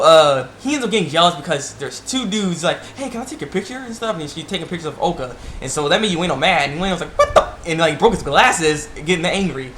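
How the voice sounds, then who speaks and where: Rambling young man reviewing an anime. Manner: rambling and animated, breaks into laughter and jumps up in pitch when quoting characters. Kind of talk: casual video review, recapping an episode. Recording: echoey room with faint background noise.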